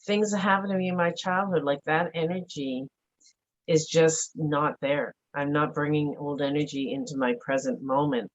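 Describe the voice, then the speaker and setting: A middle-aged woman with a low voice talks earnestly and reflectively as an interview guest, often pausing on "like". She comes through a video call, and the audio is dull and lo-fi. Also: fairly even intonation. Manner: earnest, reflective, frequent "like" fillers. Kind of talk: candid conversational interview.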